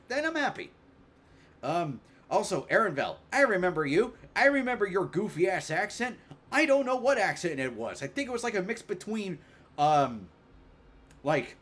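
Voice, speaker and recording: A man streaming a game live, chatting casually, joking, thinking out loud with lots of fillers, and reading game dialogue aloud. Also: sits high, slight background noise.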